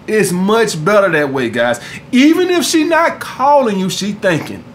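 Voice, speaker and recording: Brief: fairly high-pitched man, coach ranting to camera, crude and blunt, soft hum in the background. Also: big pitch swings, moderate pace, few pauses. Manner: blunt and profane, keeps asking "all right?". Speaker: dating coach. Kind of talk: casual vlog monologue.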